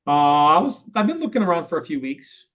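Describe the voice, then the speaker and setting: A man coaching a real estate agent in a role play, talking briskly and often checking in with "right?". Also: high voice, wildly swooping pitch, bright, forceful tone, slightly rough, low-quality recording. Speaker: sales coach.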